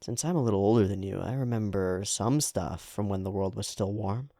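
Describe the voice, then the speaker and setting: A man voicing a gentle, nostalgic older brother while reading a comic aloud. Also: lowish voice, a little fast, dry recording, studio quality, close to an everyday voice.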